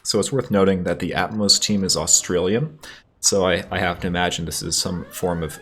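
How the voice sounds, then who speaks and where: A man's voice: low voice, a little fast. A man hosting a let's play, reading game text and chatting wryly over gameplay. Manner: relaxed, wry, easygoing. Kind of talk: casual gameplay commentary and story reading.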